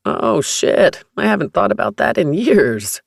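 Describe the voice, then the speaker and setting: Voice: medium pitch, big pitch swings, measured pace, gravelly, no room sound, clean studio sound, voice pushed up, full character voice. A narrator doing a snarky, cocky young man. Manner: teasing, snarky, defensive. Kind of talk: audiobook narration.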